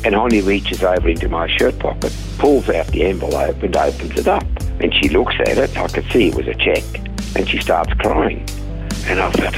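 A man's voice: low voice, expressive, normal speed, gravelly, faint music behind, rough recording. An older man with a Swiss accent, telling his life story in an interview and acting out the dialogue. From Switzerland.

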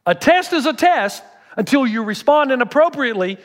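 A man's voice: very high voice, expressive, moderate pace. A middle-aged man, a pastor preaching a sermon with humorous storytelling.

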